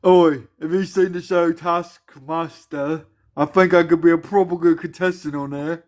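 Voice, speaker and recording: A man's voice: a little high, steady tone, moderate pace. A man, joking and laughing through casual banter as co-host of a live stream panel. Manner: laughs often, mocking teasing tone.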